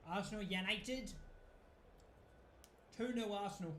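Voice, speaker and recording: A man's voice: high voice, unhurried, fairly bright tone, roomy sound, slight background noise. A man with a New Zealand accent, chatting casually through a live football watch-along, rambling and swearing freely. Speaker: football fan streamer.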